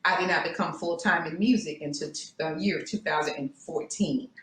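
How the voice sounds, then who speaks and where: A woman's voice: sits low, normal speed. A woman in her forties, a vocalist and panelist, chatting with frequent ums and laughter. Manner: warm, laughing, hesitant with many ums. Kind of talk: casual chat on a video call. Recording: echoey room, faint noise.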